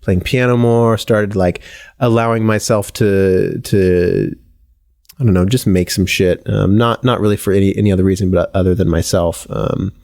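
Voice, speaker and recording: A man hosting a podcast in casual chat, rambling and swearing freely as he gets animated telling stories. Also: lowish voice, normal speed, vocal fry, no room sound, studio quality. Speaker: podcast host.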